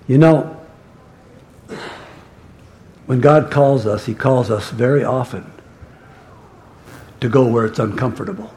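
A man's voice: mid-range voice, slow pace, pauses often, warm tone. A male pastor preaching a sermon in a conversational storytelling manner that turns emphatic.

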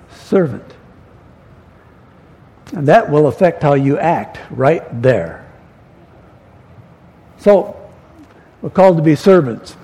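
Older guy preaching, kinda husky high voice, long echo like a big church, rambly folksy stories. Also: dark tone. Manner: folksy storytelling with pauses and restarts. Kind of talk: sermon. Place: church sanctuary. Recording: long hall reverb.

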